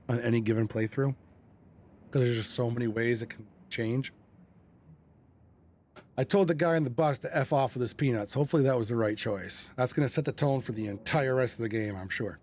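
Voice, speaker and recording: A man's voice: mid-range voice, darkish tone, slight background noise. Chatty male game streamer. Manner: chatty, rambling, swears casually. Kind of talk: casual live-stream commentary.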